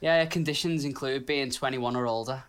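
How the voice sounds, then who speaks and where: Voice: medium pitch, moderate pace, a loud crowd. A speaker, swearing and teasing in casual banter with friends.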